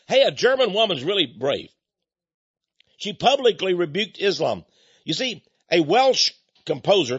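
Animated, sarcastic male commentator. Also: high voice, breathy edge, no echo. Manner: sarcastic, exclamatory, dramatic swings between loud and soft. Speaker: commentary host. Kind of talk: opinionated news commentary. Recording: dull, dry lo-fi recording.

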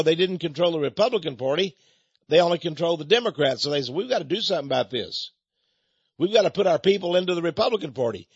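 A man's voice: high voice, husky, dry recording, highs cut off. A man hosting a ministry broadcast, delivering a rambling, emphatic monologue full of repeated phrases and restarts.

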